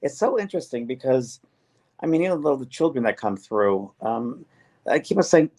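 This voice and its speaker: Earnest middle-aged man, halting and repetitive. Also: mid-range voice, very animated, a little mellow. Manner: earnest, repeats himself with many restarts. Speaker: medium and show host. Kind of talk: casual spiritual conversation.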